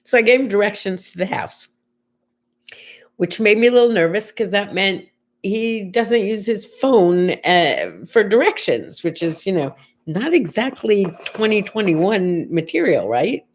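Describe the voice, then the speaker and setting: A woman's voice: mid-range voice, expressive, a little slow, a little hiss or hum. An older woman hosting a casual morning chat show, telling stories in a chatty way and quoting people as she goes. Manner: chatty storytelling, quotes others in conversation. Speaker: host.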